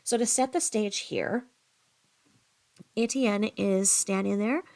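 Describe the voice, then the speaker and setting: A woman's voice: medium pitch, slow pace, a little mellow. A woman hosting a commentary channel, ranting bluntly and profanely about another online creator. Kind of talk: angry commentary.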